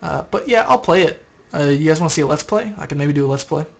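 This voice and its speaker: A man's voice: a little high, lively intonation, fast, vocal fry, breathy edge. A tired young man streaming late at night, chatting casually and answering viewer questions as he rambles. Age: young adult. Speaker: live streamer answering chat.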